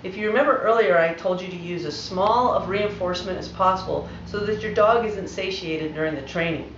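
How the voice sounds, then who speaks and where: A woman dog trainer calmly explaining, step by step, how to train a dog. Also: on the low side, fairly quick, noisy background. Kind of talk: instructional voice-over. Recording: roomy, dull lo-fi home video audio.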